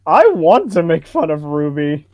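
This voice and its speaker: A man's voice: on the high side, very animated, a little slow, darkish tone. A man co-hosting a stream, chatting casually and agreeing in a dry way. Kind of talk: casual chat.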